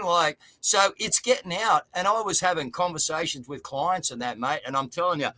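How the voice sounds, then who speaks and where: A man with an Australian accent chats bluntly on a livestream, spinning a story and leaning on "mate". His voice is bright and sits a little high. The sound is dry. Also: no room sound. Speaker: co-host. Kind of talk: casual livestream chat.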